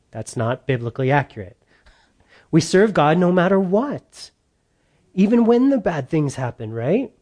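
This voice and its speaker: Man preaching a Bible study in a casual, conversational way; voice a bit high; drives points home by repeating them. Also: darkish tone. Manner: conversational preaching, repeats key lines, sarcastic mock voices. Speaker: pastor. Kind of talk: sermon.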